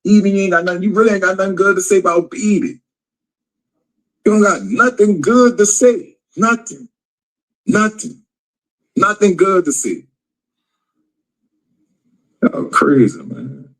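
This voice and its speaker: A man with a fairly high voice rants heatedly in a clip. He swears a lot and keeps circling back to the same points. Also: slightly rough, rough recording. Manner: heated, profane, repetitive. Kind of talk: casual rant in a clip.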